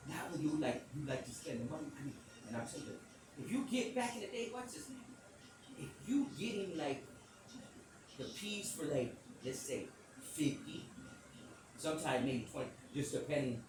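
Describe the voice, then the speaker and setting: Animated man telling a rambling story. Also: fairly high pitch, moderate pace, recorded from a distance. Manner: animated, digressive, swears casually, acts out quotes. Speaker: podcast host. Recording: echoey room, off-mic, background noise.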